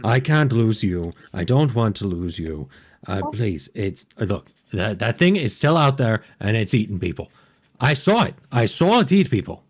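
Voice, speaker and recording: A man's voice: lowish voice, big pitch swings, moderate pace. A man voicing a panicky, paranoid male gnome king who talks in frantic, insistent bursts.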